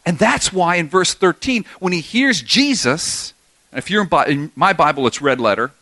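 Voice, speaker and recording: A man's voice: a little high, animated, normal speed, bright, forceful tone, no echo. A man preaching a verse-by-verse sermon, emphatic and full of rhetorical questions to his listeners. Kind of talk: expository sermon.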